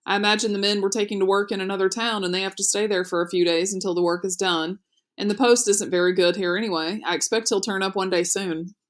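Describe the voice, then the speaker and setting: A curious, kind little boy speaks in a storybook reading, as a woman reads his lines. His voice is eager and questioning, only slightly brighter than the narration. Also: mid-range voice, steady tone, quick pace, close to an everyday voice. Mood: reassuring.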